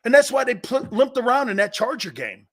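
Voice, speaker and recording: A man hosting a sports talk show holds forth with blunt, animated opinions. His voice sits fairly high for a man and swings widely in pitch. He sounds middle-aged and tells stories with loud bursts and sudden drops. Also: fairly quick.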